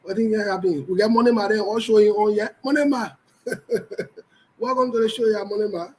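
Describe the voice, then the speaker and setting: A man with a Liberian English accent runs a casual live show. He talks in a high register, greets viewers one by one and jokes loosely between topics. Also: fairly even intonation, a little fast, darkish tone, rough recording. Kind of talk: casual livestream chat.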